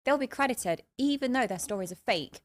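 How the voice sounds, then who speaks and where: Woman, blunt, candid, rapid speech, podcast guest. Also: fairly high pitch, lively intonation. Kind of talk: debate on a podcast.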